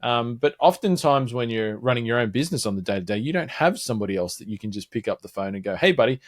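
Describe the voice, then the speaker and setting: A man's voice: medium pitch, animated, fast talker, no room sound. Reflective podcast co-host man, dry sound. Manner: reflective, thinking aloud. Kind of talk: casual chat.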